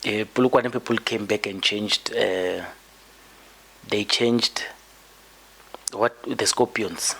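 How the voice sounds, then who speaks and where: A man's voice: fairly low pitch, fairly even intonation, slow pace, vocal fry, long pauses, fairly bright tone, slightly rough. A man hosting a podcast, delivering an emphatic political commentary monologue and often repeating words as he builds his point. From South Africa. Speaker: podcast host.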